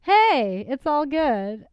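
Young female vlogger, high voice, unhurried giggly chat, dry close mic. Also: darkish tone, clean tone, dry recording, highs cut off. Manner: chatty, giggly, full of fillers. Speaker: singer and vlogger. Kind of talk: casual chat. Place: apartment with a piano.

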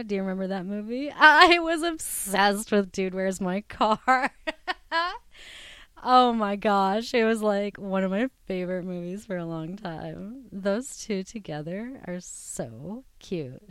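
A woman's voice: mid-range voice, clean tone, no room sound. Giggly, bubbly young woman chatting. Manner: bubbly, giggly, laughs often. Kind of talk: casual solo chat.

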